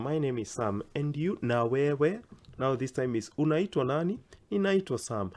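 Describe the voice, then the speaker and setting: Man slowly teaching language phrases. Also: medium pitch, animated, darkish tone. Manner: slow, careful pronunciation drills with rising question intonation. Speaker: Swahili teacher. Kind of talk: language lesson.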